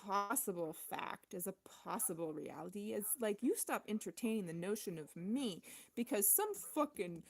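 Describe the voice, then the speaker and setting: A woman vlogger delivers an unscripted personal monologue, rambling with lots of swearing and fillers. Her expressive, creaky, husky voice swings between low, quick murmurs and loud, intense outbursts.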